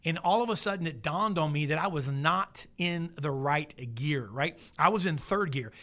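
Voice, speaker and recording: A man gives a folksy motivational talk, telling stories and slowly repeating his key lines for emphasis. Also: a little high, a bit bright. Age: 40s. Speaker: motivational speaker.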